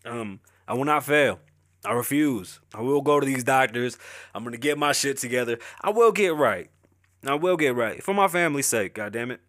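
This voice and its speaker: A middle-aged man with a bright, forceful voice talks into a close, dry mic. He rambles candidly and emotionally, swearing freely as he opens up. His pitch sits in the middle of the male range. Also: lively intonation, normal speed, no echo. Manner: emotional, profane, rambling, confessional. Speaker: podcast host. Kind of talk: candid personal talk.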